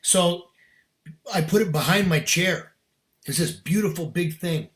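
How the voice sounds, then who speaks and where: A man's voice: sits high, lively intonation, a little slow, fairly bright tone. A middle-aged man, a podcast guest, telling a personal story in casual, earnest, emphatic talk with slang.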